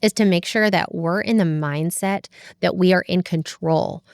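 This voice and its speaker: A woman's voice: lowish voice, moderate pace, clear, resonant tone, dry recording, clean studio sound. A woman talking through parenting in an earnest, reflective way as a podcast guest. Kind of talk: casual conversation about parenting.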